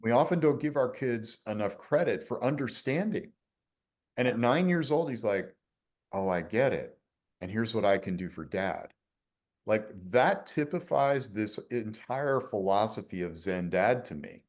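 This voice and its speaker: A man with a lowish voice that moves widely up and down, speaking as a dad coach. He is earnest and emphatic, pressing his point home like a small sermon. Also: lively intonation, unhurried. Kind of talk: podcast chat, reflective commentary.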